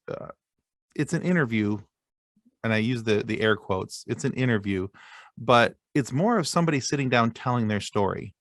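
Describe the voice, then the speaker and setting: Low-voiced man, rambling guest. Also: a bit bright, no echo, studio quality. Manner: rambling, many fillers and restarts, self-deprecating. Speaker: podcast guest, fellow podcaster. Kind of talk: casual interview chat.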